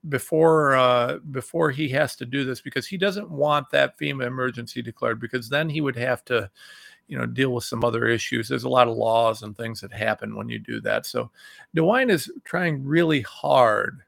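A middle-aged man from Ohio hosting his own talk show, giving heated, indignant commentary that swings between loud outbursts and low muttering. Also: normal speed, vocal fry, no echo, clean studio sound. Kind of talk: impassioned political commentary.

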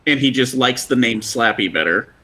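A man's voice: medium pitch, lively intonation, normal speed, bright, forceful tone. A man chiming into a casual chat with quizzical, joking questions.

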